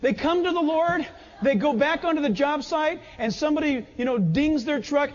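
This pastor's voice is extremely high-pitched, moving at an ordinary pace as he delivers an emphatic sermon and dramatizes little everyday moments. Sound quality is dull, with the echo of a reverberant hall.

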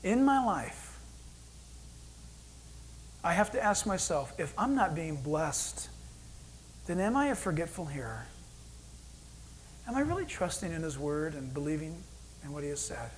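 A man preaching a sermon as pastor, animated, acting out God's voice in quoted asides. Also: fairly high pitch, a little slow, long pauses, a little hiss or hum, low-quality recording.

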